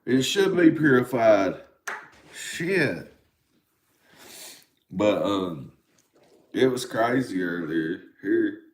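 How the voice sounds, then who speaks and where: A man's voice: on the low side, expressive, very slow, long pauses. Rambling Appalachian man in a roomy echo. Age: 40s. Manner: rambling and profane, talking to chat viewers. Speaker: livestream host. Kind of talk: casual live-stream chat.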